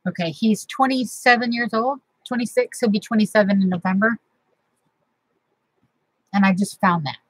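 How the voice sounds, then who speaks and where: A woman's voice: medium pitch, moderate pace, pauses often, husky, no echo, rough recording. A middle-aged woman, chatting casually and sentimentally as host of a crafting vlog from her home craft room.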